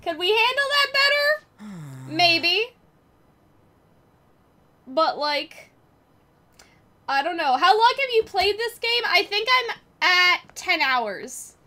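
A woman's voice: very high voice, very animated, slow pace, long pauses, pushed and bright. A young woman giving casual let's-play commentary, chatty and swearing freely, with faint game music behind. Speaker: game streamer.

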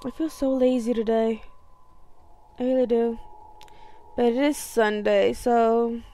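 High-voiced woman gamer. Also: little pitch movement, slow, dark tone. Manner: chatty, talks to herself, swears, gets panicky. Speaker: let's play gamer. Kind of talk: gameplay commentary.

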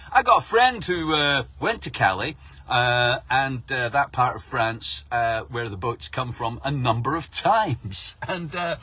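Sweary satirist, middle-aged, tense bright rasp, dry close sound. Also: male voice, on the high side, no room sound. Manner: sarcastic, mocking, swears a lot. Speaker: comic news commentator.

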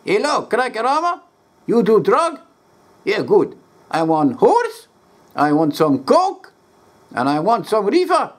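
A man's voice: high-pitched, wildly swooping pitch, slow pace, pauses often, exaggerated voice. A man voicing an eager caller who speaks in broken English. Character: male caller in broken English ordering drugs.

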